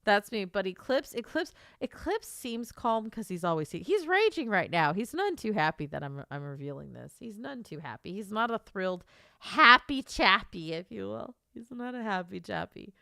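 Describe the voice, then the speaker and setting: A woman author chatting live on her stream, excitable and swearing freely, repeating herself as she talks to viewers. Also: medium pitch, moderate pace, creaky, hardly any pauses, no echo, clean studio sound. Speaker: livestreamer and author. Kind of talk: casual live stream chat.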